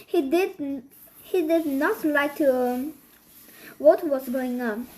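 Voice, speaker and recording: A woman reading a children's book aloud, halting and restarting often. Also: high-pitched, a little mellow, poor audio. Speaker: storybook reader.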